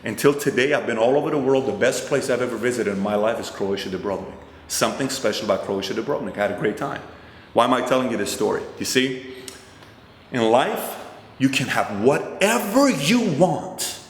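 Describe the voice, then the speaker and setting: Animated man telling a story in a roomy hall. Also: on the low side, fast, slight background noise. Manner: animated, acts out both sides of conversations. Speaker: host. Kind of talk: motivational storytelling. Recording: roomy hall with long reverb.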